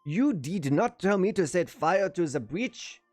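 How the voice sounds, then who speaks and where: A man's voice: high-pitched, expressive, darkish tone, dry recording, faint music behind, voice pushed up. Man doing a stubborn German colonel. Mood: aggrieved. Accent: German (put on). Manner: halting broken English, slow and solemn. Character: stubborn aggrieved German colonel, male, solemn.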